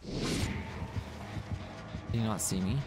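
A young adult streamer giving live gameplay commentary, excitable, swearing and shrieking often, laughing and taunting teammates. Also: medium pitch, slow pace, background noise. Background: game music.

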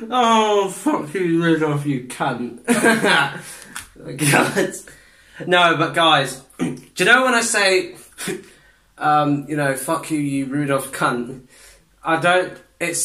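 Guy reacting to a kids show, swears a ton, bright edgy voice, echoey room. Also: mid-range voice. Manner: heavy swearing, bursts of laughter, exclamatory. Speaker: reaction video host. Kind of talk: casual reaction commentary. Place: indoor room.

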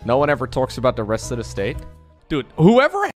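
A man's voice: mid-range voice, huge pitch swings, fast talker, faint music behind. A man streaming, chatting and reacting to videos, talking things through and repeating himself as he wonders aloud.

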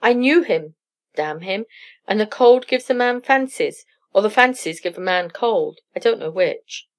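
A roguish young male poet, quick to boast and quick to squirm, speaking up a shade higher and louder, as a woman storyteller reads his part. It is a plain read-aloud voice rather than a deep character voice. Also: lively intonation. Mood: relieved. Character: rakish male poet rogue, nervous.

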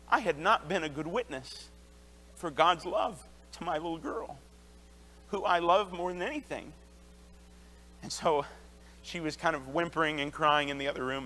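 A man's voice: a little high, bright, forceful tone, a little hiss or hum. A man in his thirties, an associate pastor, preaching an earnest sermon in a church and telling personal stories, often restarting his sentences. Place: church sanctuary. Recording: long church hall reverb.

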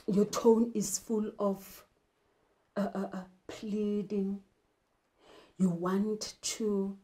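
With a mid-range, dark-toned voice, a woman teacher from South Africa teaches an English literature class. She's emphatic and asks rhetorical questions.

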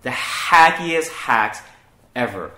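A man with a medium-pitched voice speaks slowly but with animation and a sharp edge. He's a comedian hosting a casual podcast chat, swearing freely and mimicking other people's voices, recorded in an echoey room.

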